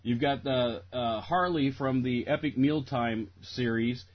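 A man co-hosting a podcast reviews a film in casual chat, rambling with many restarts and bursts of laughter. He speaks at a measured pace with a medium-pitched voice. The audio is dull and lo-fi.

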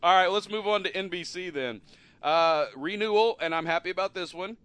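A man's voice: sits high, a little fast, a bit bright, clear, resonant tone, dry recording. Chatty man hosting a casual podcast. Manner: chatty, laughs often, trails off at the ends of sentences. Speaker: podcast host. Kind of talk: casual chat.

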